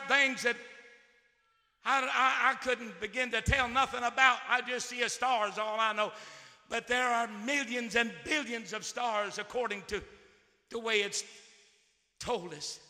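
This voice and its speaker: A man preaching a sermon as pastor. He swings from quiet musing to shouted outbursts and repeats words and phrases. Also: extremely high pitch, fairly even intonation, unhurried. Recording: long hall reverb.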